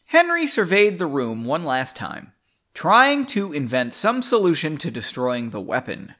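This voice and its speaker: Man reading his own story, casual, cussing, self-deprecating; lively, slightly high voice. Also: a little slow. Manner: profane, self-mocking asides; stumbles and rereads lines. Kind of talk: casual read-aloud with commentary.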